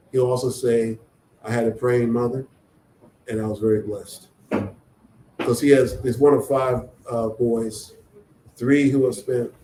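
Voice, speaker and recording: Man telling a story in an echoey room. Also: medium pitch. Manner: animated storyteller acting out quoted dialogue. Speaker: author. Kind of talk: storytelling at a book event. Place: event venue. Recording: echoey room, faint noise.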